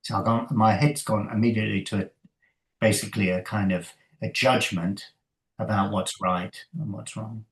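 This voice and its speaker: A man, a coach and interview guest, talking thoughtfully in a halting way with many fillers and soft laughs. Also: lowish voice, fairly even intonation, poor audio. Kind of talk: conversational interview.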